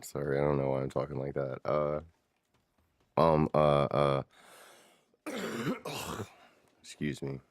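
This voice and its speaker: A man's voice: rumbling low, sing-song, takes it slowly, long pauses, dry recording. A man streaming a game, chatting casually with viewers and swearing offhand as he plays. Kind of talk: casual gameplay commentary.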